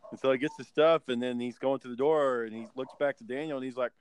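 A man's voice: medium pitch, fairly even intonation, fast, clear, resonant tone. A man telling stories in a laid-back way, full of ums and fillers. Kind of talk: casual podcast chat.

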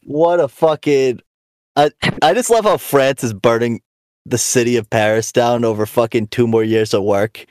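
A man's voice: medium pitch, moderate pace, a little mellow, smooth, no room sound. A man in a casual podcast chat, joking, swearing and cutting in on the others. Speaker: podcast co-host. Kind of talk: casual banter.

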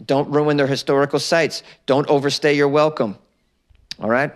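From a small closet, a fairly high-pitched American man hosts a comedy news podcast at normal speed and in a level tone. Odd news items get sarcastic commentary, and he laughs at his own jokes along the way.

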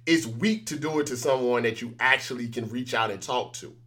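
A man's voice: mid-range voice, brisk, a bit bright. A man as an interview guest, chatting casually and telling stories animatedly, acting out the exchanges he quotes.

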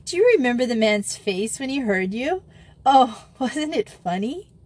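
A woman's voice: medium pitch, animated, a little slow, darkish tone. Joey, a woman reading as a bold schoolgirl. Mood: eager. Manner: blunt, teasing. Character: spirited outspoken schoolgirl.

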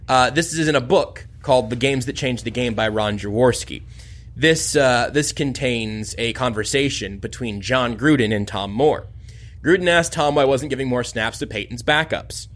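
A man's voice: mid-range voice, fairly bright tone. A man co-hosting a casual sports podcast, speaking emphatically and with strong opinions. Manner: emphatic, opinionated, quick asides. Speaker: podcast co-host.

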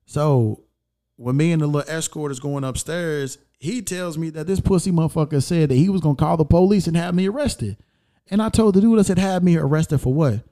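A man recounting a run-in in loose, profanity-laced storytelling. His voice sits a bit high yet sounds dark and mellow. He slips into the quoted lines with heat and keeps the telling animated. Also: a little fast. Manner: heated, profane, animated retelling with quoted dialogue.

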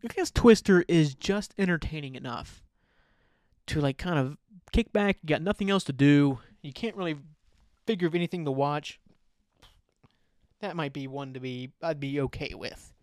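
A man's voice: a little high, moderate pace, long pauses, darkish tone, no room sound, clean studio sound. A man hosting a casual solo podcast, rambling loosely, swearing offhand and often trailing off. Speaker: podcast host.

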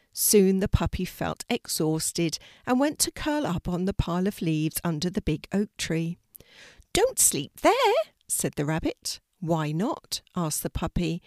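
An older woman narrating a children's story in a gentle, slow, soothing reading style. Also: fairly low pitch, no room sound, clean studio sound.

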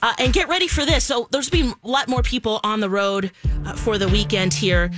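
A woman co-hosting a morning radio show in casual chat, chatty and bubbly with quick asides, on a studio microphone. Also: fairly high pitch, over music.

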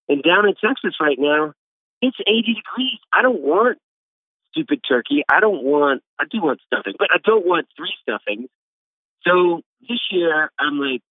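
A man's voice: on the high side, expressive, unhurried, no room sound. Man talking over a tinny phone line. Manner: loose storytelling, acts out quotes, says "like" a lot. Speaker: food editor and restaurateur, guest. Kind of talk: casual phone interview. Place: home in Texas.

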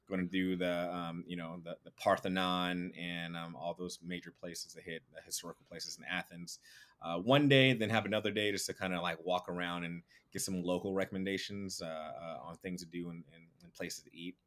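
A man speaking as a podcast guest in casual chat, animated, with lots of fillers and some swearing. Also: deep voice, fairly quick.

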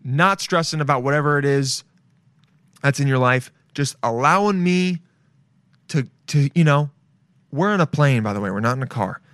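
A man's voice: medium pitch, animated, normal speed, a bit bright, no room sound, clean studio sound. A man hosting his own show alone, chatting casually in a loose, rambling way with lots of swearing and playful asides. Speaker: podcast host. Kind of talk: casual solo show chat.

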